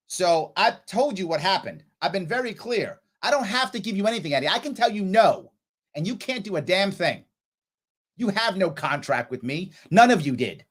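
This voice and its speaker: His voice sits high with a fairly bright tone as he hosts a political stream from New York. He reads viewers' chat comments out loud, answers them bluntly, and occasionally scolds someone with real heat.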